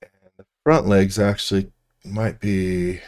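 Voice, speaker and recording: Slow, low, muttering male host. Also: little pitch movement, darkish tone. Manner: mutters to himself while working, trailing off; laughs often, self-deprecating. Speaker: host modeling furniture in 3D software. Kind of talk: casual livestream tutorial chat.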